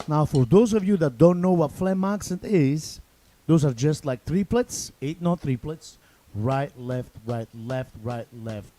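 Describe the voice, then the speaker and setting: A man's voice: fairly high pitch, unhurried, warm tone. A man with an Italian accent teaching drum rudiments in a loose, chatty way, with repeats and restarts. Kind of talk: casual spoken drum lesson.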